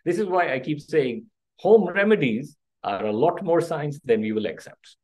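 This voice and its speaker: A man's voice: fairly high pitch, expressive, normal speed, darkish tone, rough recording. A middle-aged man, a doctor giving an interactive first-aid workshop who keeps checking in with his audience. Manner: checks in with the audience, asking "okay?" and "right?". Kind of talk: interactive health workshop talk.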